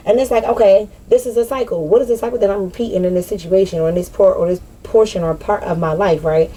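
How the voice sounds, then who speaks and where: A woman talking candidly in a personal vlog, slangy and animated, swearing and laughing at herself. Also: medium pitch, fast, few pauses. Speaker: spiritual vlogger.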